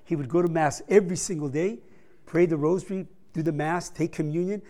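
A man's voice: fairly high pitch, fairly even intonation, brisk, dark tone. A man giving a conversational missions report to a church congregation, telling stories with humorous asides.

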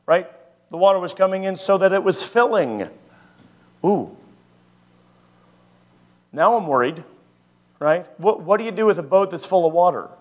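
Male pastor, slightly high voice, casual teaching sermon, full of rhetorical questions. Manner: conversational, asks the audience many rhetorical questions.

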